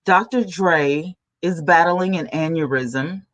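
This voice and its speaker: A woman with a soft, low-key voice chats casually with her viewers. She hosts a podcast from a desk at home. She talks into a new desk mic and snacks between sentences. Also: slow pace. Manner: chatty, talks while snacking. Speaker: podcast host.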